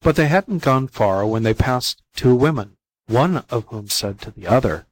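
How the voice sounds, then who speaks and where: A man reading fables aloud as a volunteer audiobook narrator, in plain, even storytelling. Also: mid-range voice, unhurried, no room sound, low-quality recording.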